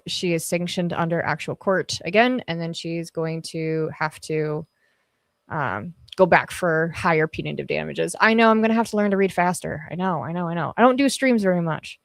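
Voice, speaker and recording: A woman's voice: fairly low pitch, moderate pace, no echo. A woman hosting a livestream, chatting casually with her viewers, swearing freely and laughing often, speaking into a podcast mic on an arm at her home setup. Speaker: livestream host. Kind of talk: casual livestream chat reading comments. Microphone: podcast dynamic mic on an arm.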